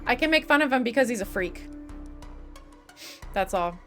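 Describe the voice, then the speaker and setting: A woman's voice: on the high side, expressive, normal speed, faint music behind. Chatty young woman streamer, voice going. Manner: chatty, swears, laughs often. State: losing her voice. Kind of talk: casual chat reading live chat.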